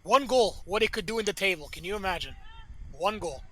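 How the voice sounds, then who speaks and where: An excitable male play-by-play commentator with a very high, bright voice that cuts through. He calls the action live and rises to shouts whenever a chance comes. His speech is peppered with colorful catchphrases. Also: fast talker.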